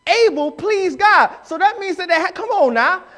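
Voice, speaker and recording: A man preaching a live sermon in church, emphatic and rising to shouts as he acts out the people he quotes. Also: extremely high pitch, expressive, moderate pace. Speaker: pastor. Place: church sanctuary.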